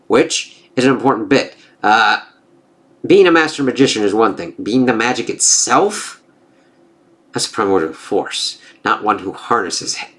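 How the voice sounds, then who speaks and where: A man's voice: lowish voice, expressive, measured pace, a bit bright. Casual swearing man reviewing comics. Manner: loose, swears, many fillers like "uh" and "it's like". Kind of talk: casual spoken review, reading aloud.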